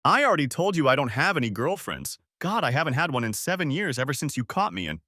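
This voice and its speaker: A man playing a sharp-tongued cheating husband. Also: a little high, very animated, fast, dry recording, clean studio sound, pitched above the performer's own voice, full character voice. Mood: insistent. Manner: sharp, insistent. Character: angry cheating husband, graying middle-aged man.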